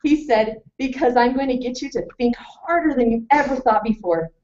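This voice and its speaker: A woman presenting a lively talk to a live audience, telling stories and asking questions. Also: fairly high pitch, normal speed, slight background noise. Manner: animated storytelling, asks the audience questions. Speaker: webinar presenter. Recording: distant mic, muffled lo-fi sound.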